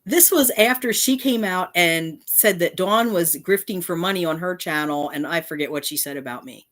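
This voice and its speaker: Indignant low-voiced woman ranting. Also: moderate pace, a bit bright. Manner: indignant, reading out comments and swearing. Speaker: channel host. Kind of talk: angry response rant.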